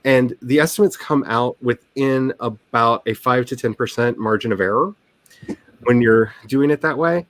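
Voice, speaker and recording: A man's voice: mid-range voice, moderate pace, no echo. A man hosting a writing livestream, chatting casually in a rambling, joking, self-deprecating way. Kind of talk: casual chat.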